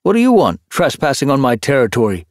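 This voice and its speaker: A man's voice: medium pitch, huge pitch swings, quick pace, no echo, studio quality, voice pushed up. A man voicing a cheerful, well-fed male house cat who is a bit smug, in an audiobook.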